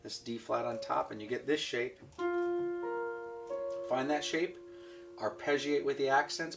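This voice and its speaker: Man teaching piano, counting beats aloud. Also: medium pitch. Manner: patient, counting beats aloud while demonstrating. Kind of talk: online piano lesson. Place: room with a piano. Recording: recorded from a distance with piano playing.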